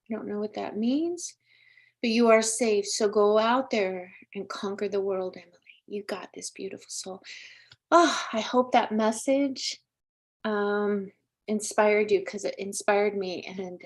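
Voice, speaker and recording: A woman's voice: mid-range voice, unhurried. A woman hosting a live-streamed psychic reading, speaking earnestly and emotionally straight to a viewer. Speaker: psychic medium host.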